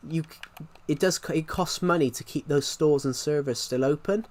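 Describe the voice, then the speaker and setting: A man's voice: on the high side, darkish tone. A young man chatting casually on a live stream while gaming, rambling and restarting his sentences. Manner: rambling, halting, many restarts.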